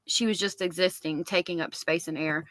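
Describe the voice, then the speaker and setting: A woman's voice: fairly low pitch, fairly even intonation, normal speed, a bit bright, no echo. A woman hosting a casual livestream, reading viewer comments aloud and reacting to them. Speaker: livestream host.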